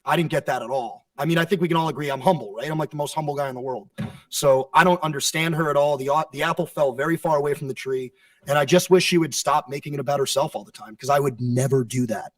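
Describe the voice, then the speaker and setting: Brash, sarcastic champion type, male, slightly high voice; dry, distant press-room pickup. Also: fast, no room sound. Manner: brash, profane, sarcastic bragging. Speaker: wrestling champion at a press conference. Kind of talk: press conference answers. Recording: dry sound from a distant mic.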